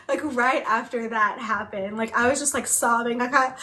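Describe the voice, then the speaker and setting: A woman's voice: fairly high pitch, normal speed, pushed and bright. A woman co-hosting a book club, chatting casually in a rambling way full of filler words while she also signs. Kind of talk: casual chat.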